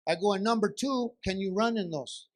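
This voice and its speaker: This comedian has a high voice and a brisk delivery. Performing stand-up at a benefit show, he spins animated stories and plays out exchanges between himself and his wife.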